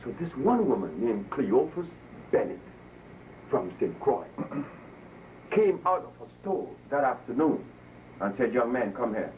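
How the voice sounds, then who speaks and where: A man's voice: mid-range voice, big pitch swings, slow, pauses often, a little mellow. A man addressing an audience in an impassioned lecture, preachy and emphatic, repeating words for emphasis. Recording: distant mic with faint noise.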